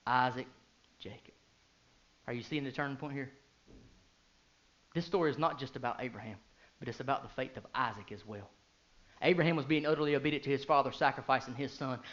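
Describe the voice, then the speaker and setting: The pastor, in his thirties, speaks briskly and pauses often, alternating hushed low talk with loud, fervent eruptions. He asks the congregation many rhetorical questions, captured on lo-fi sound.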